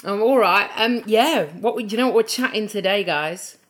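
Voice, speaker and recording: A woman's voice: mid-range voice, normal speed. A woman from England, joking around as a guest on a podcast. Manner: chatty, jokey, animated. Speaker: guest comedian. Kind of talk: casual podcast banter.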